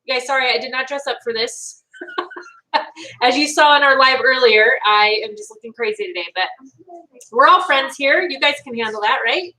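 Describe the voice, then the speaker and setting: Bubbly, bright-voiced woman livestreaming from home. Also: high voice, lively intonation, normal speed, recorded from a distance, rough recording. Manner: bubbly, chatty, greets viewers by name. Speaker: livestream host reacting to a show. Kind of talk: casual live chat reading viewer comments.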